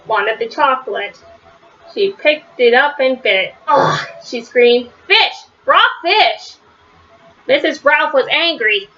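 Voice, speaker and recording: A woman reading a children's picture book aloud, with a lively delivery that rises high on the characters' shouts. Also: muffled recording, slight background noise. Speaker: storybook reader.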